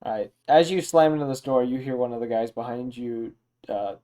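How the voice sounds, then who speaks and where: A man's voice: mid-range voice, brisk. Easygoing male game master. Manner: relaxed, with many fillers. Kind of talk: narrating a tabletop game.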